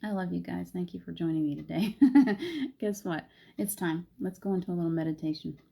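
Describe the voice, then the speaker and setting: A woman's voice: fairly low pitch, steady tone, fairly quick, gravelly, warm tone, husky. A woman hosting a chatty spiritual live stream and guiding a meditation, laughing often. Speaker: spiritual host.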